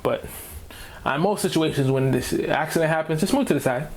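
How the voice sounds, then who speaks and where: A man's voice: on the high side, fairly quick. A man hosting a reaction video, ranting casually in slang and repeating himself as he talks.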